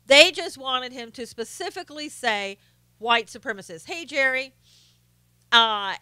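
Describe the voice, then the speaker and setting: A woman hosts her own live stream, talking through her opinions in a casual way and stopping to greet viewers from the chat. Her voice is bright and crisp, sitting a little high. The sound is close and dry, with no room echo. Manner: opinionated, greets viewers by name, frequent fillers and restarts. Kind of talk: casual political commentary.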